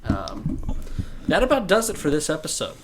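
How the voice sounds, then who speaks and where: A man's voice: on the high side, huge pitch swings, normal speed, a little hiss or hum. Dry, teasing male podcast host. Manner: dry, teasing, skeptical interjections. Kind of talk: casual chat.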